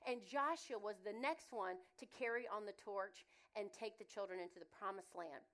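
A middle-aged woman with a Southern accent, giving a sermon and telling funny family stories in a chatty, expressive way. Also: medium pitch, normal speed. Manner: chatty, humorous, expressive storytelling. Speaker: guest speaker.

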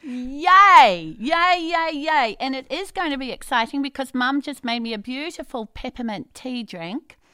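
A woman's voice: high-pitched, normal speed, hardly any pauses, clean tone, no room sound, studio quality. A woman guest telling a story in a casual chat, bubbly and often laughing.

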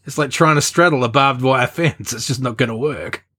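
A man's voice: medium pitch, moderate pace, sharp tone. A man co-hosting a casual podcast, dropping dry joking asides. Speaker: podcast co-host.

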